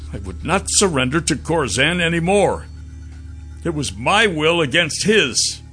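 Bright-voiced male audiobook narrator. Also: medium pitch. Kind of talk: first-person fantasy audiobook narration.

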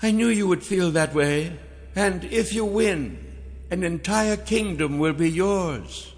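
A haughty ancient priestess queen, voiced by a male narrator, talking high and unhurried. Her words are silky and condescending, and they ring with a long reverb. Faint music plays underneath.

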